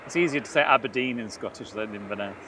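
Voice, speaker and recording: A man's voice: fairly low pitch, fast. A man co-hosting a live plane spotting stream, announcing arrivals and trading laughing, teasing banter with his partner. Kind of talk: casual commentary. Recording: distant mic, faint noise.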